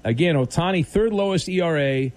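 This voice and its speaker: A man's voice: a little high, expressive, brisk, a little mellow. A man hosting a late-night sports radio show, teasing callers in a playful, mock-serious way.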